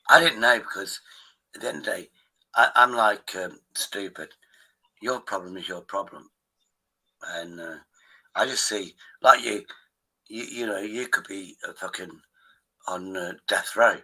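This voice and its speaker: Forceful, cursing streamer. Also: male voice, fairly low pitch, unhurried, pauses often, rough recording. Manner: rambling and profane. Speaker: live stream host. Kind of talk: casual chat.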